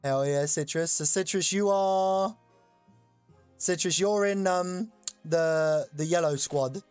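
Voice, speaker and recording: A streamer hosting a chat-voted game live, excitable and loose, swearing casually while explaining the rules. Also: mid-range voice, takes it slowly, smooth, no echo, faint music behind.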